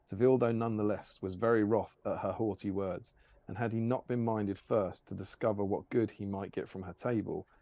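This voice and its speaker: A man hosting a stream, reading an archaic fantasy tale aloud in a measured storytelling manner. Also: fairly low pitch, a little mellow. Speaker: stream host.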